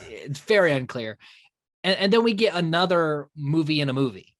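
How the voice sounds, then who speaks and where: A man's voice: a little high, animated, normal speed, a bit bright, dry recording, clean studio sound. A man co-hosting a podcast, chatting casually about a horror film, laughing often and restarting his sentences. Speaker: podcast co-host. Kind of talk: casual movie review chat.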